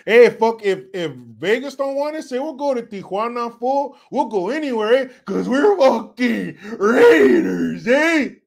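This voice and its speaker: A man putting on a brash, teasing Chicano homeboy from Central California with a Chicano English accent and drawn-out, taunting slang. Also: extremely high pitch, sing-song, creaky, voice pushed up, exaggerated voice.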